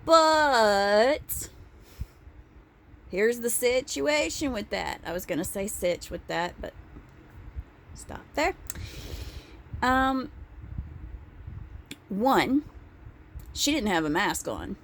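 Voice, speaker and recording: A young woman telling a casual vlog story, animated and profane, with laughing asides. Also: a little high, very slow, long pauses, slight background noise. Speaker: vlogger.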